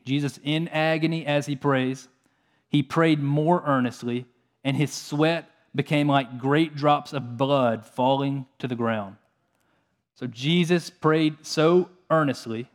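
A man preaching a sermon, reading scripture passages and explaining them in an earnest, steady way. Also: medium pitch. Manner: earnest, reads scripture aloud between plain explanations.

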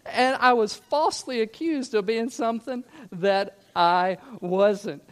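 A man's voice: high-pitched, slow, hardly any pauses, smooth. Earnest man preaching a sermon. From grew up in Scotland. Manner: earnest, emphatic preaching with rhetorical questions. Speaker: pastor.

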